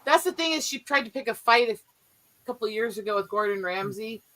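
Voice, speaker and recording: High bright woman ranting casually, blunt, swears a lot, pitch all over the place. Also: brisk, low-quality recording. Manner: animated, blunt, swears freely, mimics people in quotes. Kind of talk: casual commentary chat.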